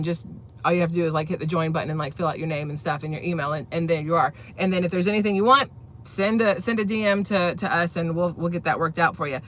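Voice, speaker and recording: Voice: mid-range voice, fast talker, pushed and bright, a little hiss or hum. A channel host giving blunt, opinionated political commentary in a casual vlog, talking straight to viewers and rambling through restarts.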